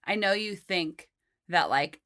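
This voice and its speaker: Female podcast host, affirming and supportive, slightly low-pitched. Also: animated, takes it slowly, fairly bright tone. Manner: encouraging, affirming. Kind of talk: casual interview chat.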